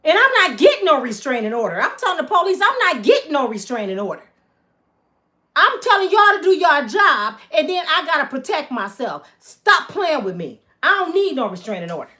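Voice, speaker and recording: Heated high-voiced woman ranting to viewers. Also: very animated, brisk, pushed and bright. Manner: heated, emphatic, addresses viewers as y'all. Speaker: channel host. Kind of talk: angry vlog rant to viewers.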